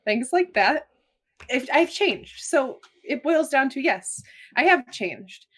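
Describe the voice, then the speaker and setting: A woman's voice: sits high, very animated, takes it slowly, a bit bright. A woman streamer on a casual podcast panel, speaking reflectively and candidly.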